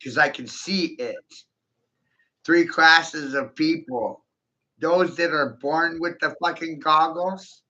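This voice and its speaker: A man rants in a harsh, bright voice, slow and deliberate between sudden shouted bursts. His speech is profane, combative and repetitive. The recording is dull and lo-fi. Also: a little high. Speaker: monologuing video host. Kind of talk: ranting monologue to camera.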